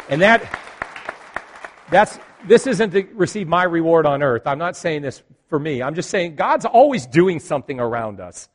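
Man preaching, story sermon, slightly high voice, animated, loud then hushed. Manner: jokes with the congregation. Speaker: pastor.

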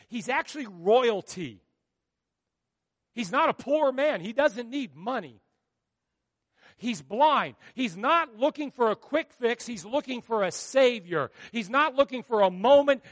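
A male pastor preaching a sermon, swinging from hushed storytelling to loud, dramatic outbursts. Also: high-pitched, long reverb tail.

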